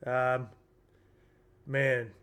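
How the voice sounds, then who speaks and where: A man's voice: mid-range voice, level tone, drawn-out words, a bit bright, clean tone. A man, rambling casually through a rugby league round recap with lots of fillers and asides. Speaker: sports tipping vlogger.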